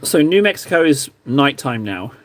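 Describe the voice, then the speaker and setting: A man's voice: medium pitch, big pitch swings, normal speed, fairly bright tone. An English man streaming and chatting casually with his viewers, self-deprecating and easygoing. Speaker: streamer chatting with viewers while painting miniatures. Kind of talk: casual chat.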